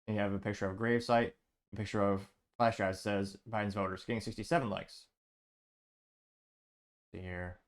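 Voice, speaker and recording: A man's voice: on the low side, steady tone, a little fast, pauses often. A man hosting a show, casually reading online comments aloud and adding dry asides. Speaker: show host.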